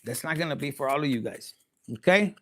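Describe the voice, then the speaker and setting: A man's voice: fairly high pitch, lively intonation, brisk. A man giving a casual, rambling and bawdy tarot reading, joking and slipping into Spanish. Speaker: tarot reader.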